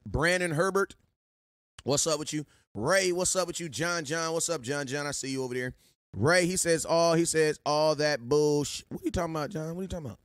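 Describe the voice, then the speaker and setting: Animated man giving shout-outs to viewers. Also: a little high, brisk, dry recording, clean studio sound. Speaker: sports show host. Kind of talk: live-stream chat.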